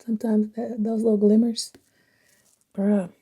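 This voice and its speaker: Husky woman vlogging. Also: a little high, level tone, measured pace, mellow. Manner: chatty, reflective, Southern slang, laughs often. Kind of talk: casual vlog talk while driving. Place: in a car.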